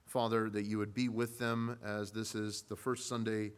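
A man leading a congregational prayer in church, speaking haltingly with frequent pauses. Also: on the low side, flat delivery, smooth. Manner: halting, with many pauses and fillers. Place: church sanctuary.

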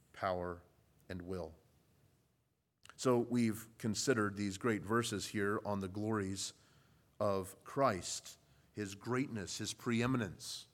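A man preaching a sermon, measured and deliberate, building from quiet, low passages to loud, emphatic ones.

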